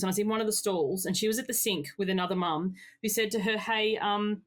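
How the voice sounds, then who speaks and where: A woman in her thirties or forties telling frank personal stories as a podcast guest, expressive and lively. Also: mid-range voice. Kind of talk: candid personal storytelling.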